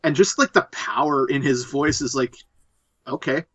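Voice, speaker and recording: Animated, profane man on a lo-fi mic. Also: medium pitch, moderate pace, husky, no room sound. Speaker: podcast host. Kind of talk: casual movie commentary.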